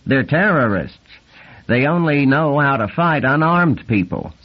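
A man voicing an excitable young male navy lieutenant, brash and nasal, talking fast and swearing freely in an audiobook reading. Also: lowish voice, slightly rough. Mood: scornful. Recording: dull lo-fi recording.

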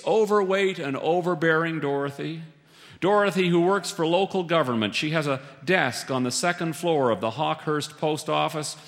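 A man's voice: on the high side, a bit bright, long reverb tail. A man telling a humorous story with a dry, wry delivery.

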